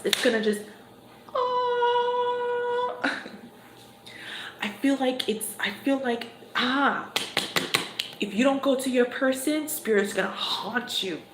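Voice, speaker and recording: Slow-talking woman reading tarot, echoey room. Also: mid-range voice. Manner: unhurried, conversational, chuckles between cards. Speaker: tarot reader. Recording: echoey room with background noise.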